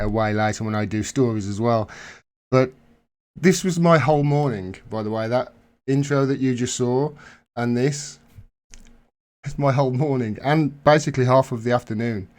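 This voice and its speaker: A man's voice: medium pitch, darkish tone. A man hosting a casual live stream, chatting in a rambling way and correcting himself as he goes.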